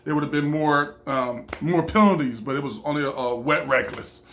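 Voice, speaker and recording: A man's voice: a little high, moderate pace, fairly bright tone, slight background noise. A man casually telling a personal story, acting out other people's voices and laughing often.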